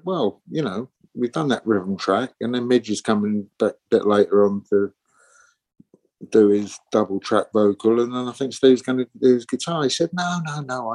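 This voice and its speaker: A man's voice: medium pitch, darkish tone. Man in his sixties telling rambling anecdotes. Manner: rambling anecdotes, acting out quoted voices. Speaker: musician guest. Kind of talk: casual interview storytelling.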